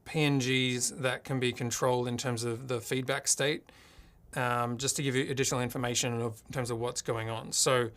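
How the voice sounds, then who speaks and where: A man's voice: medium pitch, fairly bright tone. A man from Australia hosting a live tech tutorial from his home streaming studio, talking casually and thinking aloud as he works his gear. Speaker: livestream host.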